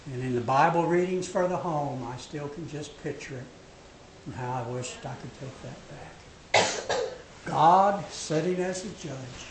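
Man, preacher, sermon, dramatic loud-to-hushed delivery, slightly high voice, echoey hall, faint noise. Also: a little slow. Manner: dramatic, swings from loud to hushed when quoting God.

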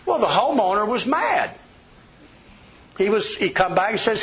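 A man's voice: high-pitched, big pitch swings, measured pace, pauses often, a bit bright. A middle-aged man preaching a sermon, a folksy storyteller who tells personal anecdotes. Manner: folksy storyteller, acts out quoted voices. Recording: slightly dull lo-fi sound.

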